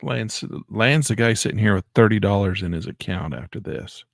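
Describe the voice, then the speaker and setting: A man giving excitable live commentary on his day trades, talking to himself and exclaiming as prices move. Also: on the low side, fairly quick, creaky, dry recording, studio quality. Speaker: day trading educator.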